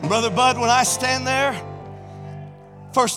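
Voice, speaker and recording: A middle-aged senior pastor, preaching an exuberant sermon and shouting praise in a church sanctuary. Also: male voice, very high voice, moderate pace, pauses often, faint music behind. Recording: reverberant church hall.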